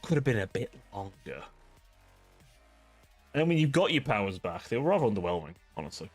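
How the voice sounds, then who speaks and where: Faint music plays behind a man hosting a livestream, his lowish voice very animated and brisk. He chats casually with viewers in a rambling, ranting, profane way, saying "like" constantly.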